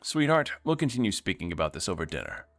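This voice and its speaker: A man putting on a pompous middle-aged magistrate in a narrative game, boasting about his daughter in a falsely jovial, raised voice. Big swings of pitch keep it showy. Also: very animated, fast, a bit bright, heavily acted.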